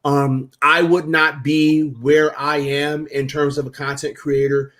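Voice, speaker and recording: A man from New Jersey, a guest sports streamer on a video call, joking with relaxed trash talk. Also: on the high side, slow pace.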